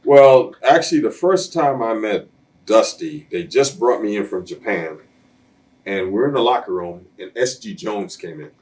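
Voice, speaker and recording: A man with a lowish, darkish, expressive voice speaks at normal speed in a sit-down interview. He's the guest, spinning blunt, streetwise shoot-interview stories and voicing other people's quotes.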